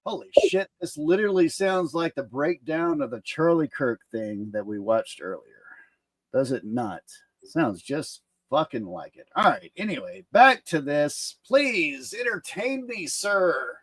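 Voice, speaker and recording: A man streamer chatting casually and reacting to a video, swearing freely and getting excited. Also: on the high side, a little slow, dry recording.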